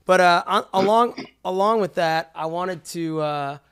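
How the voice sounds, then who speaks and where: This is a male podcast host with a smooth, clear voice pitched on the higher side. He sounds eager and encouraging but stumbles and restarts his questions. The tone is a loose, friendly interview. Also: a bit bright. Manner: enthusiastic, halting, restarts often.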